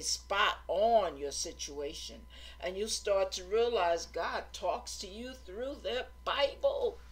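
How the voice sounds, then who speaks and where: A middle-aged woman giving an informal Christian sermon in an earnest, exhorting way, repeating phrases for emphasis. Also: medium pitch. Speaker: Christian teacher.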